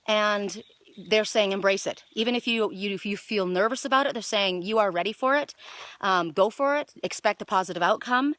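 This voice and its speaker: A woman's voice: medium pitch, dry recording. Chatty woman reading oracle cards outdoors. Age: middle-aged. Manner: chatty, excitable, lots of fillers. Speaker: oracle card reader. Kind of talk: casual spiritual card reading. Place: outdoors in the evening.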